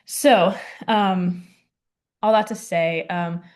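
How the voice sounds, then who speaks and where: A woman's voice: on the low side, fairly even intonation, very slow, darkish tone. A young adult woman presenting a class project, hesitant and full of ums and likes. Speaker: student presenter.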